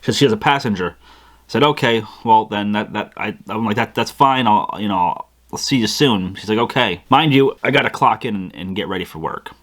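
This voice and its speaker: A young man telling a personal story to his viewers in a casual, animated way, acting out his own thoughts and often stumbling and restarting. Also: fairly low pitch, brisk. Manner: animated retelling with frequent restarts and acted-out inner quotes. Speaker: vlogger.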